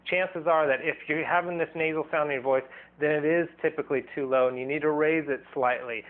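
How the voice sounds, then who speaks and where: A man's voice: fairly high pitch, steady tone, a little fast. A man giving a casual singing lesson, loose and rambling, often restarting sentences and demonstrating sounds as he explains. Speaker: singing teacher. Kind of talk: casual vocal lesson video. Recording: thin, phone-like band.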